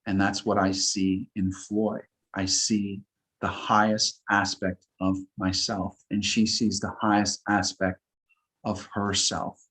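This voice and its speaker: A man talking earnestly as a guest on a spiritual talk show, repeating his affirmations slowly. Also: sits low, little pitch movement, fairly bright tone, poor audio. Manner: earnest, slow, repetitive affirmations.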